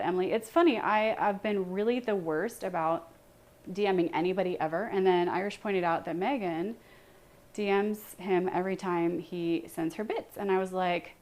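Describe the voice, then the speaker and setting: A young woman hosting a cooking livestream from her home kitchen, chatting casually with viewers, self-deprecating and quick to laugh. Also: fairly low pitch, darkish tone. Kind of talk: casual chat with live viewers while cooking.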